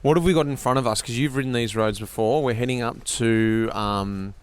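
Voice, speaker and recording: An Australian podcast host banters matily with riding companions outdoors on a bike trip. His mid-range voice is smooth and a little fast in this casual on-the-road chat.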